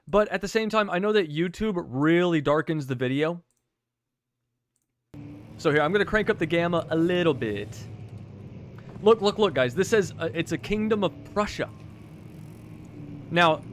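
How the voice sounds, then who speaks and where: Excitable, high-voiced male streamer. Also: a little hiss or hum. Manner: excitable, joking, loud outbursts. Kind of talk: live gameplay commentary.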